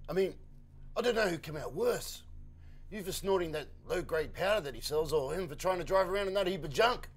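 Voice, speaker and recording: A man plays a police officer who brushes people off with sarcasm. His fairly high voice rises and falls in a lively way. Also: brisk. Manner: dismissive, sarcastic. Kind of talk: indie film acting.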